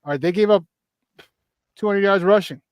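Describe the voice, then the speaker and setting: A man's voice: high-pitched, moderate pace, smooth, dry recording. A man hosting a sports talk show, chatting and rattling off season records, often restarting his sentences. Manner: conversational, rattles off stats, many restarts. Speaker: sports radio host.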